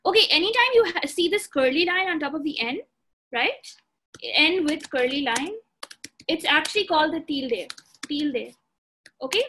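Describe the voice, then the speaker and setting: A woman's voice: high-pitched, lively intonation, normal speed, pauses often, pushed and bright, a little hiss or hum. A woman teaching a beginner language lesson, patient, repeating points and checking that students follow. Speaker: language instructor.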